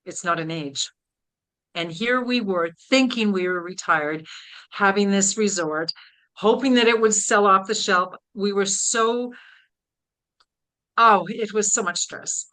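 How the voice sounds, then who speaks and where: An older woman from Canada, a podcast guest, telling a personal story with animated voices for her past thoughts. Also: mid-range voice, measured pace, low-quality recording.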